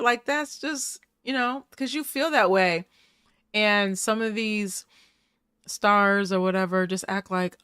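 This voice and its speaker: A woman's voice: mid-range voice, unhurried, fairly bright tone, no echo, clean studio sound. A woman hosting a casual recap show, chatty and playful, laughing often as she talks. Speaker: host.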